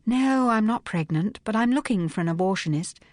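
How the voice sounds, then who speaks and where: A woman reading an audiobook, voicing a glamorous, sharp-witted young lady detective in a brisk, assured tone. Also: mid-range voice, lively intonation, dry recording, studio quality, pitched above the performer's own voice, natural voice.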